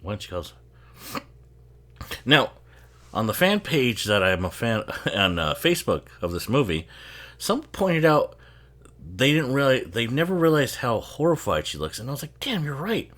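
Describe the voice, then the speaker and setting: A man chats his way through a movie in a loose, rambling commentary, laughing often and swearing freely. His pitch bounces around in a lively, animated way as he sips bourbon between remarks. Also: normal speed, long pauses. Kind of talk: casual watch-along commentary.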